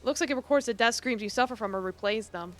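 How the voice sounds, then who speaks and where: A woman's voice: on the high side, fast, faint music behind. A woman streaming a game, reading its dialogue aloud and adding casual, swearing asides.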